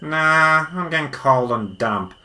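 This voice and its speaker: A woman acts out an excitable male weasel doctor who travels through time, in a homemade audio drama. His voice is bright and sharp and leaps wildly through its range as he declaims grandly and sulks when bored. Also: sits low, slow pace, exaggerated voice. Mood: excited. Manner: theatrical, bossy, easily bored. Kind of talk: hobby audio drama acting.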